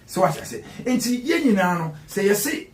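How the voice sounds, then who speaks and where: A Ghanaian man appears as an interview guest, speaking in a high, very animated voice at a fairly quick pace. He's emphatic, repeating words for stress and mixing Twi with English, and the sound is reverberant.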